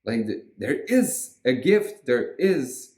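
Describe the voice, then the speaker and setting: A man's voice: mid-range voice, sing-song, takes it slowly, a little mellow. A man giving a casual weekly astrology forecast in an emphatic, rousing way with frequent swearing. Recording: roomy echo.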